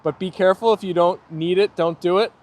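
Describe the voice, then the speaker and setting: Speaking fairly quickly with a voice that sits high and an intonation that stays fairly even, this young livestream host is outside with his playing dogs. He reads viewer comments aloud, chatting easily and often laughing.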